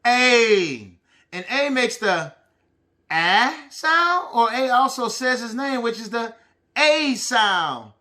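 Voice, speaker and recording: A man teaching a preschool lesson, prompting the children in an animated, sing-song call and response. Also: very high-pitched, slow.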